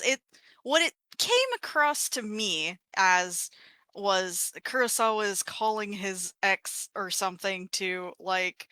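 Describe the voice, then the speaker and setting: A woman's voice: mid-range voice, animated, pushed and bright, dry recording. A woman co-hosting a podcast in casual chat, giggling often and chiming in with her take. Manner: slow, drawling, giggles a lot. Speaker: podcast co-host.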